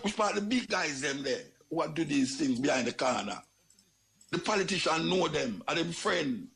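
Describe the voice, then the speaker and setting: An older Jamaican man holds forth in a loose, animated monologue, often circling back to repeat his words. His voice has a gravelly fry and sits a touch high for a man, and his pitch swings up on exclamations. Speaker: radio talk host. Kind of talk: casual monologue.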